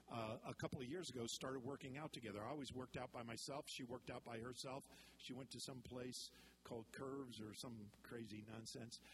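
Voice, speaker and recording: A male pastor giving a sermon in a conversational way, mixing teaching with joking stories from his own life. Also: mid-range voice.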